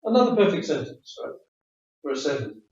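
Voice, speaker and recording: English examiner in a roomy classroom. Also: male voice, fairly high pitch, very animated, a little fast, darkish tone, a little hiss or hum. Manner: friendly, chatty, explanatory, repeats words. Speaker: IELTS speaking examiner giving feedback. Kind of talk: spoken feedback after mock test. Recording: roomy, distant, dull classroom audio.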